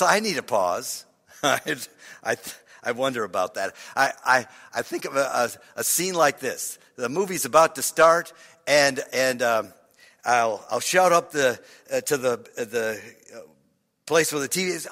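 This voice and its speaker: A man preaching a sermon as pastor, halting and repeating words, often dropping his voice to a hushed near-whisper for emphasis. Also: medium pitch, expressive. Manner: halting, repeats words, drops to a hush for effect. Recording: long hall reverb.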